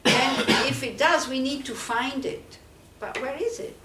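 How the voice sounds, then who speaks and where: Nun teaching in an echoey room. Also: female voice, high-pitched, measured pace, heavy background noise. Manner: questioning, conversational, many "you know"s. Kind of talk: dharma talk to a small group. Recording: echoey room, speaker far from mic.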